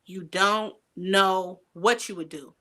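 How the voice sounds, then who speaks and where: A woman's voice: mid-range voice, takes it slowly, pushed and bright. A middle-aged woman hosting a podcast, talking frankly in casual chat and piling up lists and rhetorical questions. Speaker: podcast host.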